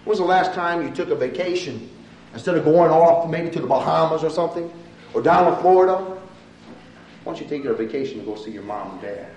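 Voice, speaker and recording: A man preaching a sermon in a church, swinging between loud, pleading appeals and quiet, soft asides. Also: animated, fairly quick, a little hiss or hum. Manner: rises to loud impassioned appeals, then drops low and soft. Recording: echoey room from far off.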